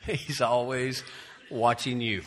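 A man preaching a sermon as pastor, swinging between quiet asides and emphatic scripture reading, folksy and prone to restarting phrases. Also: mid-range voice, steady tone, slow pace, a little hiss or hum.

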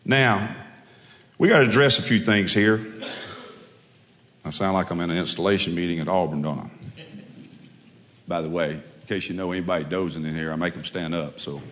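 A man's voice: low voice, fairly quick, pauses often, fairly bright tone, long reverb tail, a little hiss or hum. A man who coaches football, preaching a sermon with folksy storytelling and emphatic repetition.

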